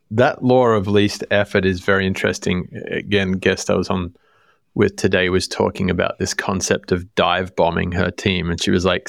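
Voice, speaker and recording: A man hosting a podcast, asking questions and giving examples in a relaxed, easygoing way. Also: deep voice, vocal fry, dry recording, clean studio sound. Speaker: podcast host. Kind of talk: casual interview talk.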